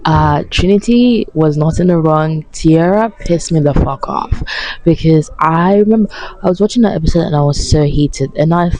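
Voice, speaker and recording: A woman's voice: low voice, normal speed, mellow, a little hiss or hum, poor audio. A young woman ranting sarcastically about a reality show, swearing as she talks and sounding tired. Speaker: vlogger reacting to a reality show. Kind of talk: casual reaction rant.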